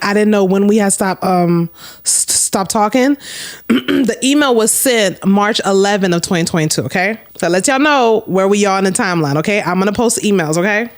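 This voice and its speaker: A woman telling a storytime to her camera, candid and blunt, swearing freely and talking straight to her viewers. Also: mid-range voice. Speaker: storytime vlogger.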